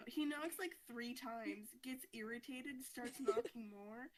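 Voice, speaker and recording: A woman's voice: on the high side, slow pace, a crowd in the background, poor audio. A woman podcast host casually recapping a comic story, chatty and full of "like". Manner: chatty, fillers of "like", frequent laughter.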